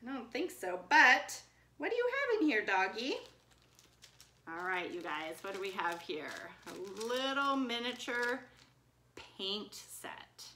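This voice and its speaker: A woman teaching an online class for young children at home, speaking in a gentle, sing-song teacher voice into a webcam. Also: mid-range voice, sing-song, takes it slowly, slight background noise. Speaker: preschool teacher.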